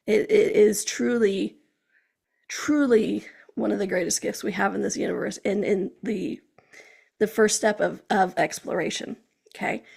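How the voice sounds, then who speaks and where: A woman hosts her own podcast in a loose, animated motivational monologue. Her voice sits a little high and carries a strong gravelly fry. She keeps checking in with her listeners with a quick "okay?". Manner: chatty, animated, frequent "okay?" check-ins. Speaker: podcast host.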